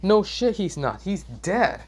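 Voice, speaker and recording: A scolding young girlfriend with a high, pushed-up voice, as a man puts her on in an amateur fan story reading. She sounds exasperated and affectionate at once, and she keeps calling her partner an idiot. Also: very animated, slow, a little mellow, exaggerated voice. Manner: exasperated, calls him idiot.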